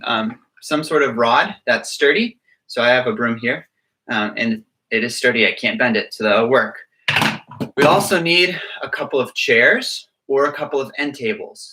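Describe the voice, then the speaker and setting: A man's voice: medium pitch, bright, forceful tone, far from the mic. A young adult man leading a gymnastics class for young children in an upbeat, coaxing way, often checking in with "all right?". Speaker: gymnastics coach. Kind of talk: online kids' exercise class. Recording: echoey room, away from the mic.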